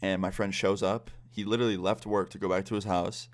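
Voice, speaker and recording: A man's voice: deep voice, little pitch movement, a little fast. A young man casually telling a story on his vlog, blunt and profane. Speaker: vlogger.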